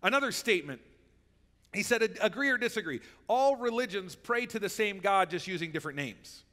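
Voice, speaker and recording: A man's voice: sits high, expressive, a little fast, sharp tone, long reverb tail. A man preaching a sermon as pastor, in a conversational way that keeps checking in with the listeners. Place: church sanctuary.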